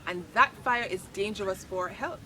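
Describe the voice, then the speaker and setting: A woman voicing an excited young boy inventor with a Jamaican accent, high and loud. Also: moderate pace, a little hiss or hum, lightly acted, rough recording.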